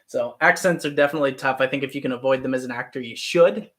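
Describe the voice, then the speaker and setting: A man's voice: mid-range voice, fast talker, fairly bright tone. A man in his twenties, an actor and channel host, chatting casually on a live stream and answering viewer comments. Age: 20s.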